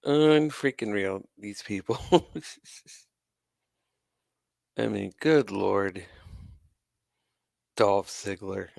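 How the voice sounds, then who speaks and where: A man's voice: on the low side, extremely slow, creaky, pauses often, darkish tone, no room sound, clean studio sound. A man hosting his own channel, ranting with sarcasm and exasperation and swearing now and then. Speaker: wrestling commentary channel host. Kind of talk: ranting commentary to camera.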